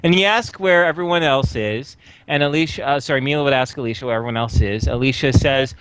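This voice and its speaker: A young man narrating as game master over a voice call, animated and often laughing. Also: medium pitch, quick pace, clear, resonant tone. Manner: animated, laughing, restarts a lot.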